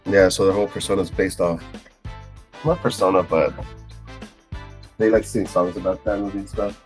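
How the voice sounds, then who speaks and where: A man with a somewhat low voice chatting in a laid-back, hesitant way, laughing often as he goes. Faint music plays quietly behind him. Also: moderate pace. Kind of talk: casual chat.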